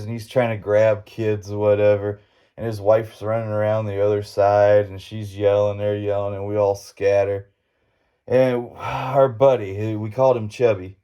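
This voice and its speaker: Low, mellow-voiced man rambling through a story. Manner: rambling, folksy, swearing. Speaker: podcast host. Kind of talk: casual storytelling monologue.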